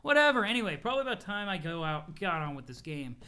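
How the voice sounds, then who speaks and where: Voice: medium pitch, sing-song, fast talker, bright, forceful tone, clean tone. Dave: a reader playing a sneering teen boy. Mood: scornful. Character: sarcastic teen boy, cool and irritable.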